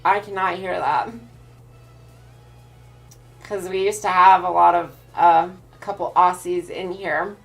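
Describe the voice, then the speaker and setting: Streamer lady w/ pacific northwest accent, slow easy talk, bit of vocal fry, quiet music behind. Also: fairly low pitch. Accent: Pacific Northwest American. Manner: relaxed, thinks aloud with restarts while reading chat. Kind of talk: casual chat answering viewers.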